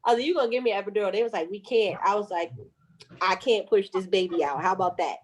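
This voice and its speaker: A woman in her thirties speaks quickly in a mid-range voice while telling the story of a birth. It's an animated telling full of laughter and swearing, and she acts out each person's lines.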